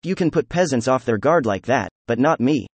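A man's voice: medium pitch, animated, fairly quick, breathy edge, dry recording. A man reading an effusive, defiant young nobleman. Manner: effusive, emphatic, laughing. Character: excitable proud young nobleman under questioning.

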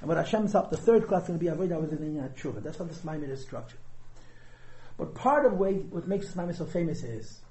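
With a fairly high, expressive voice and a darkish tone, a man moves at a quick pace through a conversational lecture on a Chassidic discourse. He asks rhetorical questions and uses Yiddish and Hebrew terms. The recording is rough, in an echoey room.

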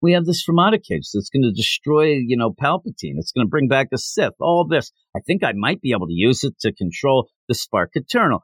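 Animated man recapping a comic. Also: medium pitch, fairly quick, hardly any pauses, husky, no echo. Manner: animated, acts out characters' lines in mocking voices. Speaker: podcast co-host. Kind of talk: casual comic book review chat.

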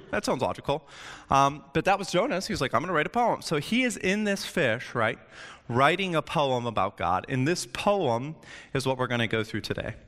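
A man's voice: mid-range voice, bright, forceful tone. A man giving a casual, joking sermon, often checking in with his listeners. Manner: chatty, joking, keeps asking "right?". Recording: long hall reverb.

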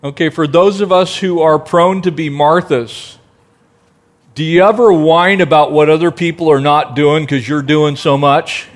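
A man preaching a sermon, asking the congregation rhetorical questions and now and then dropping to a soft, gentle tone. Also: fairly high pitch, fairly even intonation, a little slow. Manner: drops to a soft, gentle tone for quiet passages. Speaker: pastor.

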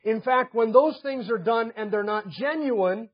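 Pastor, male, high voice, earnest sermon delivery, muffled lo-fi recording. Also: a little slow. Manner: earnest preaching, rising to emphatic stress. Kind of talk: expository sermon.

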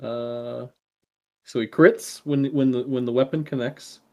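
A man running a tabletop game as game master, making quick casual rulings. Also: medium pitch, fairly even intonation, mellow.

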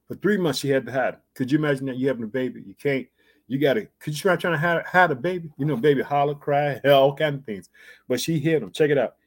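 A Bible teacher reads scripture aloud and breaks off to preach on it, fervently prodding listeners with rhetorical questions. His medium-pitched voice moves fast.

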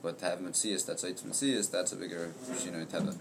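A man in a study class, explaining his point in a slow, steady way. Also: low-pitched, gravelly, noisy background. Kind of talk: Torah study class discussion.

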